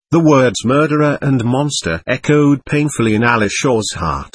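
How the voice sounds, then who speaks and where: A man narrating a novel as an audiobook reader, in an expressive, measured way. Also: medium pitch, slightly rough. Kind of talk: scripted narration.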